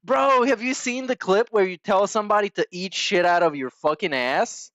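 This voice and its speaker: A man's voice: high-pitched, normal speed, fairly bright tone, dry recording, dull audio. A man hosting a podcast, giving crude, sarcastic reaction commentary on stream clips.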